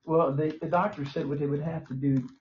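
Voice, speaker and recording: A man's voice: on the high side, steady tone, brisk. An older man, short of breath, talking as a patient in a hospital room, rambling and plain-spoken with frequent swearing. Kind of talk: casual conversation. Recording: dull lo-fi recording with faint noise.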